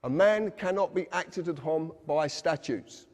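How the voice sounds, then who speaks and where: A man's voice: on the high side, unhurried, darkish tone. A man giving an earnest, insistent lecture to a live audience, speaking directly to his listeners. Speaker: public speaker. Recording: long reverb of a hall.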